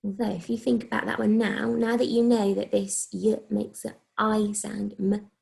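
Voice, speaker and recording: A woman with an English accent, a primary school teacher giving a recorded phonics lesson to young children, speaking slowly and clearly as she sounds out letters. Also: mid-range voice, level tone, darkish tone. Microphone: recorded video lesson.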